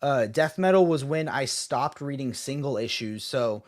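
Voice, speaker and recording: A man's voice: medium pitch, lively intonation, normal speed. A man co-hosting a casual comics talk show, chatty with many fillers and frequent laughs. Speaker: podcast host. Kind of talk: casual chat about comics.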